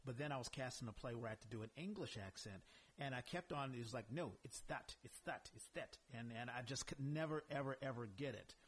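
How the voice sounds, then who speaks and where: A man's voice: medium pitch, fast, breathy edge. A man hosting a casual podcast interview, encouraging his guest with frequent affirmations.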